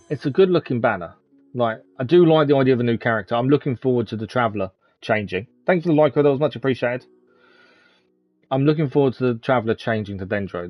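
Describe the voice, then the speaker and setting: A chatty man chatting casually over a live game stream, chuckling often as he answers viewers. His voice sits at a middling pitch. The audio is a touch dull, with faint game music behind him.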